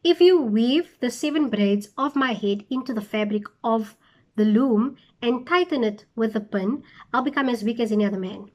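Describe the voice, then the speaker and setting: A woman's voice: fairly high pitch, normal speed, darkish tone, lightly acted. Offhand Samson, told by a woman. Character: strong young man Samson, offhand.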